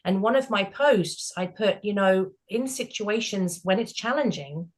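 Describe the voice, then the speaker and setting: Lively British woman telling stories. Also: mid-range voice, measured pace. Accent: British English. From Britain. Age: middle-aged. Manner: animated, acts out voices in her stories. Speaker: group session host. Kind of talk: casual storytelling in a group discussion.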